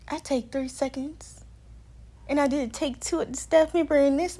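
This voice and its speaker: A woman's voice: sits high, moderate pace, mellow. A young woman telling a storytime vlog in a heated, profane way. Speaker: vlogger.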